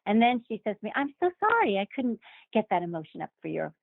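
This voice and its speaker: A woman actor, appearing as a guest in a casual interview, tells a story at a quick pace with medium pitch and vocal fry. She animatedly acts out the voices of people she quotes, laughing now and then. The remote call audio is dry and phone-like, with no room sound.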